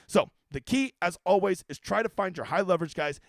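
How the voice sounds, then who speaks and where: Brash, profane stream host, high voice with a lively, swinging pitch. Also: male voice, fairly quick, no echo. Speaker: fantasy sports strategy host. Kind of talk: casual livestream commentary.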